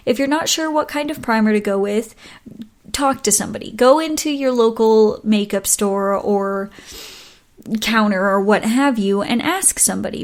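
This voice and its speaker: A woman hosting a solo podcast, giving advice in a chatty, casual way, often stumbling over words and laughing at her own slips. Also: medium pitch. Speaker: podcast host.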